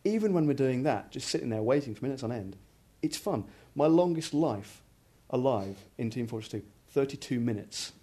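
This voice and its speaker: A man hosts a podcast in a studio, rambling and chatty, restarting his sentences often. His voice is dark and mellow, at a middling pitch. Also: animated, fairly quick, few pauses, slightly rough. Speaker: podcast host, magazine editor. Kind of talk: casual studio chat.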